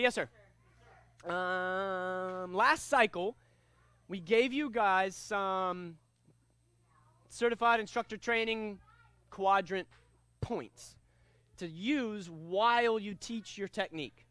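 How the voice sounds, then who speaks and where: High-voiced, commanding male karate instructor. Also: smooth, no room sound. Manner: commanding call-and-response drills; energetic and upbeat. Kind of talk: teaching a kids' martial arts class.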